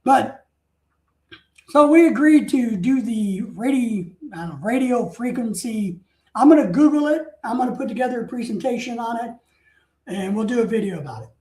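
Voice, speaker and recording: A man's voice: very high voice, lively intonation, normal speed, warm tone. A man telling stories in a rambling, casual way, drifting off topic and breaking into mock outrage. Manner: talkative, wanders off topic. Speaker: streamer. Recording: roomy echo.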